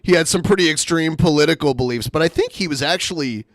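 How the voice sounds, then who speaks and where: Dry-voiced podcast co-host, animated. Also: male voice, a little high, quick pace, no echo. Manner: animated, rambling, mocking imitations. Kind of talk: casual commentary chat.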